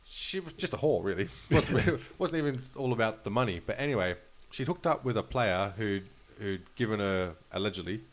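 A man's voice: lowish voice, expressive, normal speed, few pauses. A man telling casual, rambling stories, swearing and laughing often. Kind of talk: casual storytelling chat.

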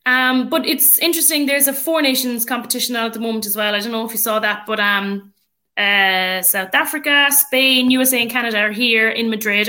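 A woman's voice: a little high, pushed and bright. A woman with an Irish accent, a rugby player and coach, chatting casually as a podcast guest with many fillers. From Ireland.

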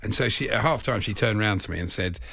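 A man's voice: fairly low pitch, quick pace, gravelly, a bit bright, no room sound, clean studio sound. A man presenting radio, chatting casually and laughing between jokes. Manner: chatty, giggly, jokey. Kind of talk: casual on-air banter.

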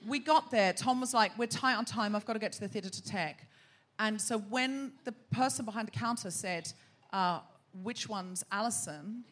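Hosting a live comedy podcast from a theatre stage in front of an audience, this Australian woman speaks at a moderate pace in a fairly high, somewhat bright voice. Her delivery is full of exclamations and repeated phrases, punctuated by her own laughter.

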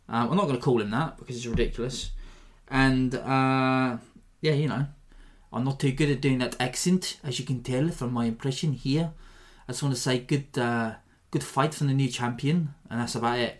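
A man's voice: medium pitch, fairly even intonation, a little fast. A man hosting his own combat sports podcast in a casual, jokey, self-deprecating monologue. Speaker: podcast host.

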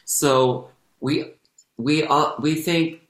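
A man's voice: a little high, drawn-out words. Rambling American man in a roomy room. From United States. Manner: rambling, self-correcting, animated. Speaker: actor and comedian guest. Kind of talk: casual podcast chat. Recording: roomy echo.

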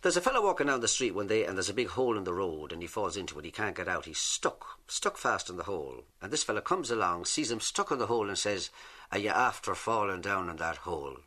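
An Irish man, a comedian, telling jokes and stories in a lively stand-up manner. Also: fairly low pitch, fast talker, few pauses. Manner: lively storyteller, drawls punchlines.

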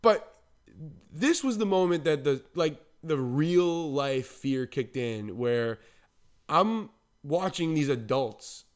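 A man's voice: a little high, slow. A man, a podcast co-host, telling a childhood story in casual talk and animatedly acting out the voices of others. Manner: animated, acts out quoted voices.

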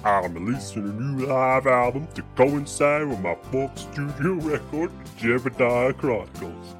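A man's voice: medium pitch, animated, a little slow, soft background music, natural voice. A man putting on a hammy country-singer ad voice. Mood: hammy pitch. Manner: folksy salesman patter, hammy. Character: boastful washed-up male country singer, shameless. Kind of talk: comic spoof radio advert.

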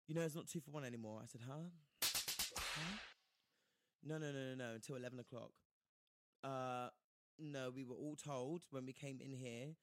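A man's voice: medium pitch, a little fast, a little hiss or hum. A man telling a story in casual chat, acting out the people he quotes. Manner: animated, acts out quoted voices, slangy.

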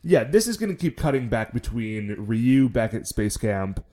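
Man, podcast co-host, casual recap, easygoing wry delivery, mellow dark tone. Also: medium pitch, big pitch swings, moderate pace. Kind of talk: casual episode recap chat.

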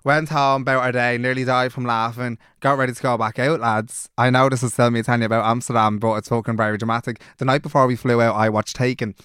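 A man's voice: medium pitch, flat delivery, fast talker, hardly any pauses, a bit bright, clear, resonant tone, no echo, studio quality. A young man with a Dublin accent, co-hosting a podcast and telling a story in casual chat, swearing a lot and acting out the people he quotes. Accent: Irish, Dublin. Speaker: podcast co-host.

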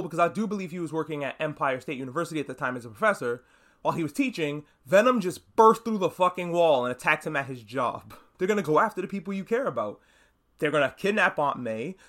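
A man hosting a casual solo podcast, recapping a show in an animated, loose way, swearing often and acting out characters' lines in quick voices. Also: on the high side. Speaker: podcast host.

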